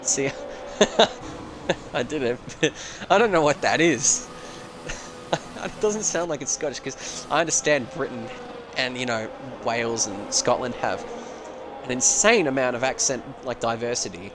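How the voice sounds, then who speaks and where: A man's voice: medium pitch, moderate pace, background noise. A man giving casual, rambling live commentary on a sim racing stream, full of joking asides.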